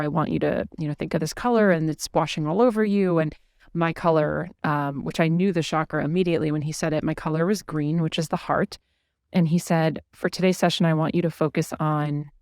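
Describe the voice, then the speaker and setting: A woman podcast host telling a personal story in casual conversation, earnest and animated, with quoted speech. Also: sits low, brisk, dry recording, studio quality.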